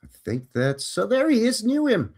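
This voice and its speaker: A man's voice: sits high, huge pitch swings, normal speed, darkish tone. Folksy Canadian man hosting a live stream. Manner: folksy, jokey, greets viewers by name. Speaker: host. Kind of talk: casual live-stream chat.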